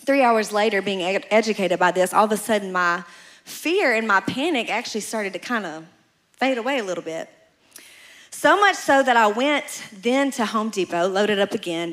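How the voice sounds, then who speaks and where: A woman's voice: mid-range voice, fairly bright tone. A woman pastor preaching a sermon, telling a story with playful asides and acting out voices.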